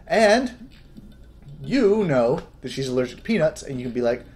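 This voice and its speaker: A man's voice: a little high, very animated, moderate pace, darkish tone, slight background noise. Chatty man commenting on a game. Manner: chatty, lightly joking, reads game text aloud. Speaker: let's play host. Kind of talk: casual gameplay commentary.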